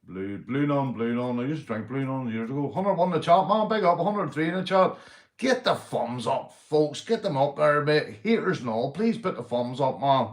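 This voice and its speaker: A man's voice: medium pitch, lively intonation, moderate pace, roomy sound. A man with a Northern Irish Belfast accent, hosting a casual livestream, rambling and swearing as he greets viewers in the chat. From Northern Ireland. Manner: rambling, swears a lot, says mate and big up constantly. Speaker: livestream host.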